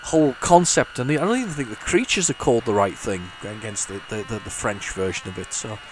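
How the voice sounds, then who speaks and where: A man's voice: lowish voice, a little fast, a little hiss or hum. A man chatting casually while he plays old computer games, rambling and stumbling over his words with many restarts. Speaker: retro gaming YouTuber. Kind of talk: casual commentary while playing.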